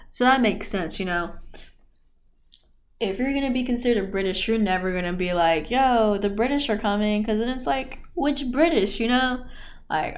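A young woman hosting a podcast, rambling in a laid-back, slangy way with lots of fillers. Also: medium pitch. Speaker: podcast host. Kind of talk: casual rambling monologue.

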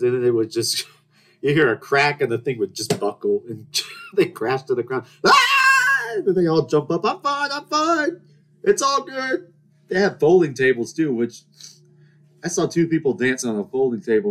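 A young man rambles through his stories in a casual, joking way. He starts over mid-sentence and now and then launches into mock-outraged rants. His voice sits at an ordinary middle pitch. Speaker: podcast host. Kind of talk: casual storytelling monologue.

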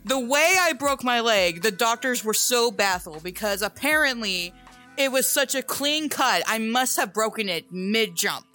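Bright-voiced young man telling a story. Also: very high voice, a little slow, faint music behind. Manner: profane, animated storyteller. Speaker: podcast co-host. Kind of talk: casual chat, storytelling.

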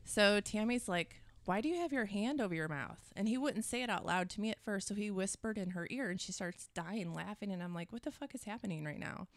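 Mulher franca de quarenta e poucos anos. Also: female voice, medium pitch, fairly quick, hardly any pauses, no echo. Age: 40s. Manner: blunt, swears freely. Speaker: podcast co-host. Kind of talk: casual chat.

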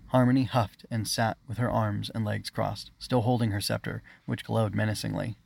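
Gravelly man reading a storybook. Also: fairly low pitch, steady tone, normal speed, few pauses, a little mellow. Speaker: author reading his own story. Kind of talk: storybook narration.

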